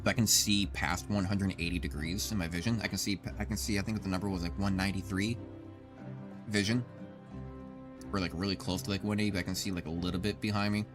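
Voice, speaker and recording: A man in his thirties streams gameplay, rambling casually, swearing a lot and talking to his chat. His voice sits low and steady, and he talks fast. Background music plays behind him.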